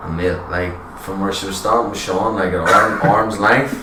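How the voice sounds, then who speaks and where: A deep-voiced man, telling nightclub stories in a loose, sweary way. He sits back from the mic in an echoey room, with steady noise behind him. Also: moderate pace, distant mic. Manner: storytelling, swearing, laughing mid-story. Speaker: podcast guest. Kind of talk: casual chat.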